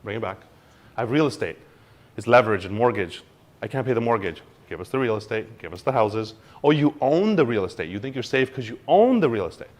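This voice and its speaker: A man giving an informal seminar talk on money, blunt and animated, acting out little exchanges in mock voices. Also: mid-range voice, brisk. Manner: blunt, swears casually. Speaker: crypto educator.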